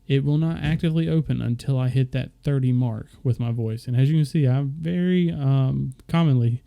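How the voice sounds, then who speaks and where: A man's voice: medium pitch, moderate pace, gravelly, warm tone. A young man casually walking viewers through his microphone settings, loose and rambling with fillers. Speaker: streamer explaining audio setup. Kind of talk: casual screen-share tutorial.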